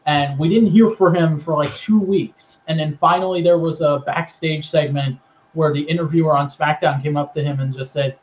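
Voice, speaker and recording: A man's voice: fairly high pitch, steady tone, moderate pace, highs cut off. A man co-hosting a show, casually recapping a storyline and acting out the quotes as he tells it. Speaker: podcast co-host.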